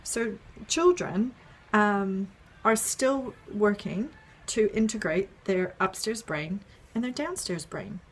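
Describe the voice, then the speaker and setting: A woman talks through an idea in a relaxed, friendly way, checking in with "right?" and filling pauses with "um". Her pitch sits in the middle for a woman. There is a faint hiss of noise under her voice. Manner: friendly, explains step by step with many ums and "right?". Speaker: parenting educator. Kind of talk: casual explainer video.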